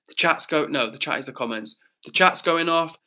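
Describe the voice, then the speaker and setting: Man, live streamer, upbeat chatty delivery, bright tone, slightly high voice. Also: moderate pace. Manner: upbeat, chatty, reads out viewer comments. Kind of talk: casual live-stream chat.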